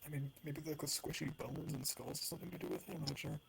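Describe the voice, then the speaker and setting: Casual gravelly player. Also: mid-range voice, steady tone, fast, a loud crowd. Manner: casual, says "like" a lot. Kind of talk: playing a tabletop game.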